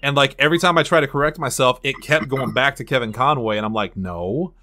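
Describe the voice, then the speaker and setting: Bright-voiced male podcast host. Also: medium pitch, quick pace. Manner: enthusiastic, stumbles over names. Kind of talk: casual chat.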